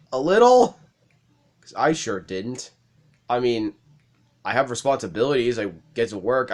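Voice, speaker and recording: A young man hosting a let's play, casually telling rambling stories with lots of swearing and laughter. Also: fairly high pitch. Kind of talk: casual storytelling over gameplay.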